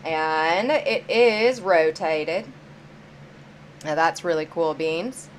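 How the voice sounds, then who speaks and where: A woman's voice: sits low, very slow, slight background noise. A woman hosting a live-stream auction, chatty and upbeat, greeting viewers by name as she counts down bids.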